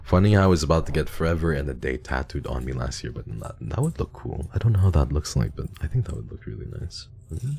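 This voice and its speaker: A man streaming, chatting casually and reading donations with a halting, stammering, heartfelt manner. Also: extremely low pitch, big pitch swings, vocal fry, darkish tone.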